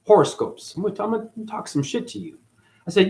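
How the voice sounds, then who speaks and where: A man rambling through a profane spiritual monologue, dropping to mutters and then jumping up in excited bursts. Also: sits high, fast talker, low-quality recording. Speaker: spiritual video host.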